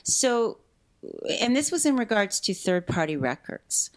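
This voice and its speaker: A woman guest talking candidly in an interview, animated, with quick restarts and acted-out quotes. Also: medium pitch. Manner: animated, fast restarts, acts out quoted speech. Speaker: podcast guest.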